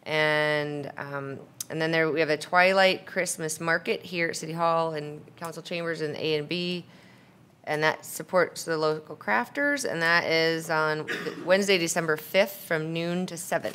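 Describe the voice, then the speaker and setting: A woman's voice: sits low, normal speed, a bit bright, clean tone. A woman on a city council chattily reading out upcoming community events at a meeting. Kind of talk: meeting announcements.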